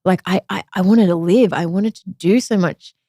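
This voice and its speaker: Here the Australian host tells her own tale frankly and conversationally, poking fun at herself along the way. She has a medium-pitched, dark voice and keeps a moderate pace, captured in a dry, studio-quality recording.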